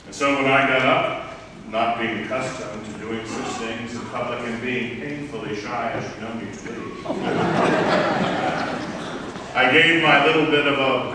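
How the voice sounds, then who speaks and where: A man's voice: medium pitch, very noisy. A man from Southern Maryland preaching a sermon, telling a personal story in a wry, reflective way. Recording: echoey hall, picked up from far off.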